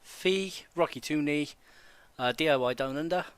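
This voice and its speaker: A man's voice: fairly high pitch, normal speed, smooth, no room sound. A man co-hosting a stream, steadily reading out a list of viewer names. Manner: steady listing, brief laughs.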